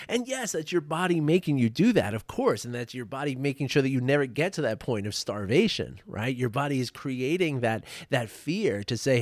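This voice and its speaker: A man's voice: fairly high pitch, sing-song, moderate pace, no room sound, studio quality. A man, a meditation teacher, giving a casual motivational talk, chatty and full of restarts and "right?" tags.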